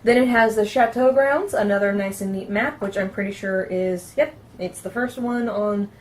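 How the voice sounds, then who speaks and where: A woman with a middle-pitched voice hosts a relaxed tabletop game review. She reads passages aloud from the book in a chatty way, often catching on a word and correcting herself before carrying on with her comments. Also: normal speed. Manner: chatty, trips over words and corrects herself while reading.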